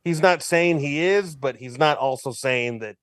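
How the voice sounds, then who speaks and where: A man, a regular on a podcast, chiming in with quick offhand remarks in casual chat. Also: fairly high pitch, a bit bright, no room sound, studio quality.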